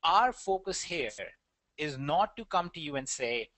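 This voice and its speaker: A man's voice: a little high, big pitch swings, unhurried, a bit bright, no room sound. Earnest Indian man presenting a webinar. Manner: earnest, rambling, many fillers and restarts. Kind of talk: online webinar talk.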